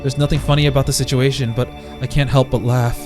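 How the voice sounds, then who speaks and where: Speaking fast in a level, mid-range voice, a let's play streamer performs a visual novel with dramatic delivery. He keeps interrupting himself with laughing reactions over the game's music.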